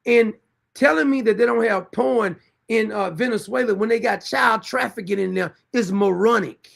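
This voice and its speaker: A man's voice: high-pitched, normal speed, gravelly, a bit bright. A middle-aged man, hosting a livestream and bluntly scolding commenters in a confrontational, repetitive way. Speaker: show host.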